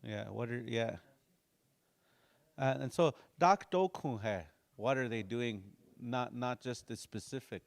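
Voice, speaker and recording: A man's voice: mid-range voice, fairly even intonation, vocal fry. Easygoing male language teacher. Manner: repeats phrases slowly, drilling pronunciation; casual, folksy explanations. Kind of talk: language class.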